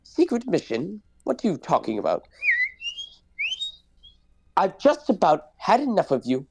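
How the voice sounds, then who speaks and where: A man's voice: high-pitched, wildly swooping pitch, a little slow, very noisy, pitched above the performer's own voice, exaggerated voice. A man voicing a fussy, anxious male protocol robot who frets, complains and speaks primly. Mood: fretful. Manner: prim, fretful, complaining.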